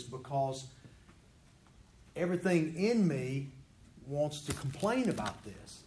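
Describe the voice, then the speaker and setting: A man's voice: a little high, very animated, slow pace, pauses often, mellow. A man leading a Bible study class, teaching in an earnest, conversational way and voicing prayers in the first person. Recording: echoey room with faint background noise.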